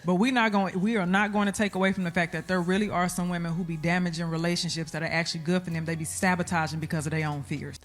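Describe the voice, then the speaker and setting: A co-host speaks at an easy pace in relaxed chat. The talk is plain and friendly and speaks straight to the listeners. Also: mid-range voice, quick pace, hardly any pauses. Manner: calm, conversational, addresses listeners directly. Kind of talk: casual chat.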